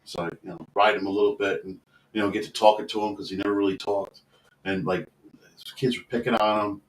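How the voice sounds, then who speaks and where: A man's voice: on the low side, steady tone, a little fast. A man who coaches youth football, telling a long story in a casual, earnest, rambling way and swearing now and then. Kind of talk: casual storytelling in a podcast interview. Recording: roomy sound from a distant mic.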